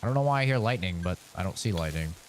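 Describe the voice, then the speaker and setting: A man's voice: low-pitched, lively intonation, fast talker, a little hiss or hum. A Canadian man in his twenties streaming a game, chatting casually and rambling as he answers his viewers. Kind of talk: casual live-stream chat.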